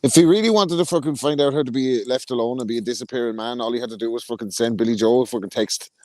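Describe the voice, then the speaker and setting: A man's voice: medium pitch, quick pace, darkish tone, no echo. A man co-hosting a boxing podcast, cracking crude, mocking jokes with heavy swearing. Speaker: podcast co-host. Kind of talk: casual boxing chat.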